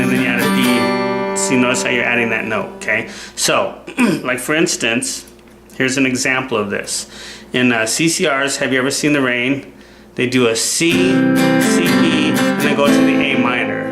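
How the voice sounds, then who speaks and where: A man teaching guitar in a relaxed, chatty way, often stopping to ask "okay?". His voice sits in a roomy space. Loud guitar playing rings out around his explanations. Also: medium pitch. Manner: relaxed, repeats "okay?" to check in. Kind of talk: casual instructional talk.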